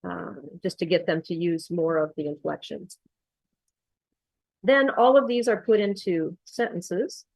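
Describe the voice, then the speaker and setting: Low-voiced woman explaining a lesson. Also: a little slow, gravelly, no room sound, low-quality recording. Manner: explanatory, steady, with frequent ums. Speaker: accent coach. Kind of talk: screen-share tutorial walkthrough.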